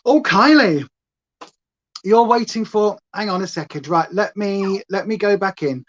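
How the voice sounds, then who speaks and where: A woman from Hampshire, England, with a southern English accent and a hint of Essex twang does her makeup on a home livestream, reading viewers' comments aloud. Her mid-range voice is expressive and a bit slow, and she rambles chattily to both viewers and her dog. The highs are cut off.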